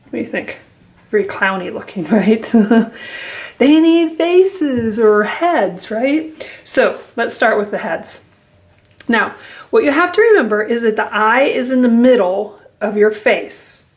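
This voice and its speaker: A woman's voice: fairly high pitch, animated, a little slow. A woman teaching a drawing lesson, playful and encouraging, talking to children as she draws and laughing often. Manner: playful, encouraging, talks to kids while drawing; laughs often, acts out growls. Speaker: art teacher.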